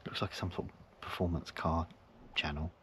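A man casually vlogging from his van at a forest campsite, rambling and chuckling, sometimes dropping to a hush so he isn't overheard, with a handheld camera picking up his voice. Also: low-pitched, steady tone, normal speed. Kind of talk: casual camping vlog chat. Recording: noisy outdoor ambience.

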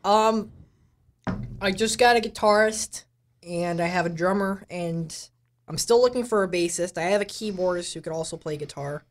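A woman's voice: lowish voice, normal speed. A woman appearing as a guest musician in a casual live-stream chat, wry and joking, with many fillers.

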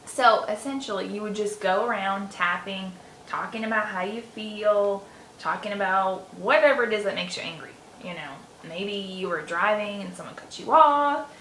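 A woman talks straight to camera in a bright, forceful voice and rambles through a story with plenty of fillers. The sound bounces around a roomy space, with a faint hiss underneath. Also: medium pitch, moderate pace. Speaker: self-help vlogger teaching EFT tapping. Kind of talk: casual talk to camera. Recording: roomy echo with faint noise.

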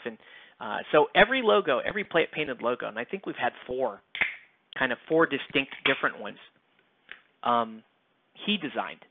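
A man's voice: mid-range voice, no echo. A man hosting a miniature painting channel, chatting casually while he paints, rambling with lots of fillers and casual swearing. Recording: tinny phone-like sound, dry.

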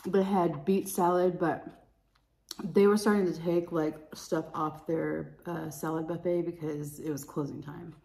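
A woman's voice: low-pitched, fairly even intonation, measured pace, gravelly, warm tone. Gushing, giggly woman vlogging over dinner. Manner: gushing, giggly, chatty with slangy asides. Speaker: mukbang eating vlogger. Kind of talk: casual eating chat to camera.

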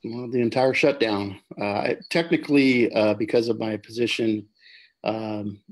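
A man being interviewed as a guest over a video call, measured with many pauses. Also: on the low side, steady tone. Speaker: park facility manager.

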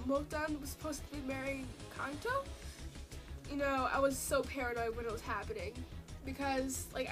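A woman with a stuffy, nasal voice from a cold, talking emotionally about a drama in a casual, rambling review full of fillers, recorded on a tablet. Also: sits high. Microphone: tablet built-in mic.

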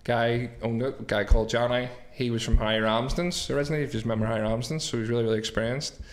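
A man's voice: medium pitch, fairly even intonation, racing. A man in his thirties with a Belfast accent, a guest on a podcast who tells anecdotes in a casual way, swears freely and acts out quoted dialogue. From Northern Ireland. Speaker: guest, business owner. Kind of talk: casual storytelling.

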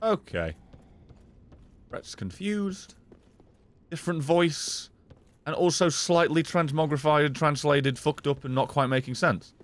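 A man's voice: on the high side, expressive, slow pace, pauses often. A man streaming gameplay in casual commentary, swearing often, joking and laughing.

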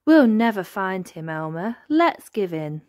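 A woman voicing an eager, excitable elephant from a herd in a read-aloud storybook. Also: medium pitch, a little slow, dry recording, studio quality.

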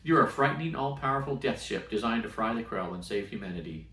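A man's voice: on the low side, expressive, fast, a bit bright. A man reading aloud and voicing a brash, scrappy young woman pilot cadet with a punchy, eager delivery. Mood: boastful. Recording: roomy sound from a distant mic.

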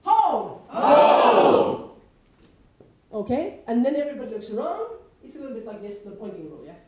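A woman with a Nordic accent giving an informal lecture to a class, lively, acting out quoted players with sudden loud calls. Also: on the high side, very fast, heavy background noise. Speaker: lecturer on larp safety. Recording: echoey lecture room.

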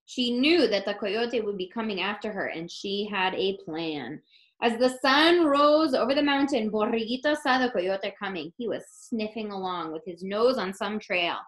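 A woman teacher reading a picture book aloud to children, expressive and explaining words as she goes. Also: mid-range voice, low-quality recording.

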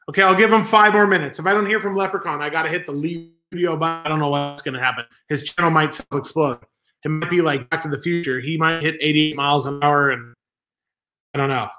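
This stand-in livestream host from Southern California has a slightly high voice that sounds pushed and bright. He streams from home, rambling along, poking fun at himself, and reading chat messages out loud.

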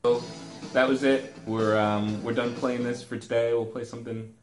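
A man's voice: medium pitch, flat delivery, moderate pace, reverberant, faint music behind. A man playing a video game with his son, chatting and teasing him with dry humor. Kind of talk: casual gameplay chat.

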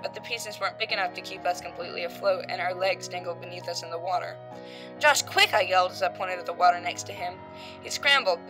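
Woman reader for a horror story, bright and forceful tone, soft music underneath. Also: rough recording. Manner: voices characters with shifts in loudness and pitch. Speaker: creepypasta reader. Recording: faint background music.

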